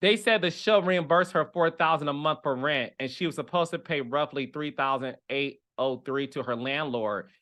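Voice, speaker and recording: A man hosting a reality TV commentary show, talking in an animated, chatty way with dramatic asides. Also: a little high, moderate pace, few pauses. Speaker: reality TV commentator and podcast host. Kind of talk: casual chat.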